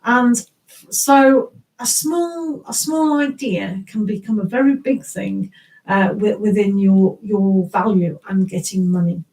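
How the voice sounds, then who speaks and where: A woman's voice: mid-range voice, slow pace, a little mellow, distant mic, poor audio. An English woman giving a casual, rambling tarot reading on a live stream. She greets viewers, laughs often and restarts her sentences.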